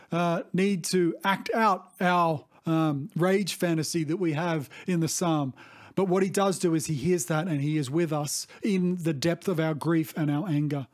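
A middle-aged man preaching a sermon as a pastor, earnest and reflective, often pausing to restate himself. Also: high voice, a little mellow. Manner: earnest, reflective, with frequent restarts and "you see".

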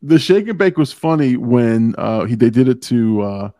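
Laughing podcast host, lively voice. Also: male voice, mid-range voice, normal speed. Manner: laughs often, reads quotes aloud. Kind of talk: casual movie review chat.

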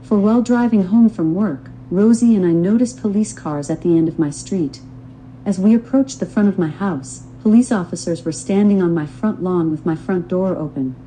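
A woman's voice: on the low side, moderate pace, mellow, a little hiss or hum, poor audio. An older woman reading her own memoir aloud in an earnest, devout testimonial manner. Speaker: memoir author and narrator.

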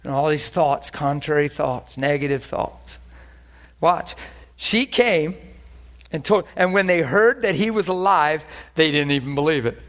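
A male preacher giving a conversational sermon, animated with laughing asides. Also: a little high, a little slow.

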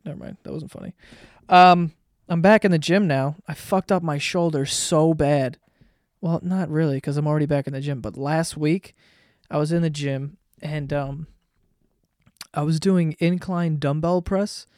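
Young adult man, slightly high voice, rambling profane storyteller, close dry sound. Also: darkish tone, no room sound. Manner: rambling, profane, lots of filler words. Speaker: vlogger. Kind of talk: casual storytelling monologue.

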